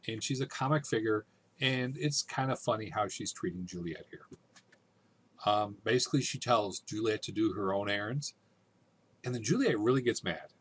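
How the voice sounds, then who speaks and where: A man's voice: on the low side, a bit bright, a little hiss or hum. A man teaching a literature lesson in a casual, conversational way, often checking in with his listeners.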